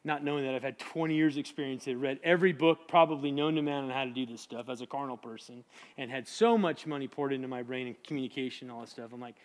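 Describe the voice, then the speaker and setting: A man's voice: mid-range voice, fast talker. A middle-aged man preaching a casual, jokey sermon, acting out voices from the Bible. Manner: animated, jokey, acts out biblical voices.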